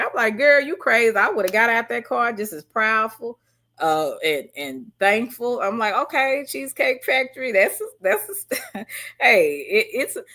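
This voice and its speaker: A woman hosting a livestream, chatting casually and reading out viewer comments in an animated, slangy way. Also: fairly high pitch. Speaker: livestream host.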